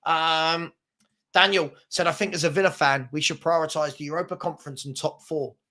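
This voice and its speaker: A man's voice: fairly high pitch, steady tone, normal speed, bright, forceful tone. A young man hosting a casual football livestream, reading out viewer comments and rambling with lots of repeated words. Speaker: host of a daily football livestream.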